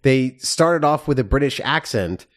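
A man co-hosting a podcast, chatting casually about films in a halting way with many restarts. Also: mid-range voice, lively intonation. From United States. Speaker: podcast co-host. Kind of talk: casual movie review chat.

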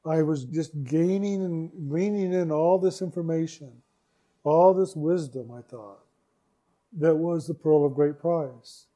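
A man recounts a personal story slowly and reflectively. His voice sits a little high but sounds warm and mellow. He circles back with repeated phrases to drive points home. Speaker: speaker telling a personal story. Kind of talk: storytelling talk.

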